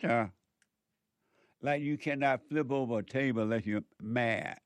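A man preaching a sermon, scolding and emphatic, with sudden swings in loudness and pitch. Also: measured pace, pauses often, no echo.

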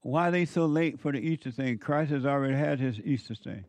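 A man's voice: mid-range voice, fairly quick, a little mellow, no echo. A man hosting a live call-in talk show, playful, asking puzzled questions and thanking viewers.

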